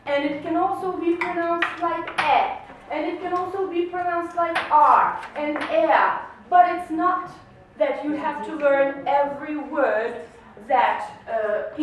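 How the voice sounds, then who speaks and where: High-voiced woman teacher in echoey classroom. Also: far from the mic, background noise. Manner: patient, encouraging, explains slowly with questions. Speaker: English teacher. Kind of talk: classroom lesson. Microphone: camera mic from across the room.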